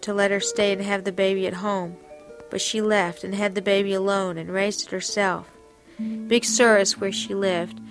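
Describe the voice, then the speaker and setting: Woman reading a confessional diary aloud. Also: mid-range voice. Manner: earnest, confessional, reflective delivery.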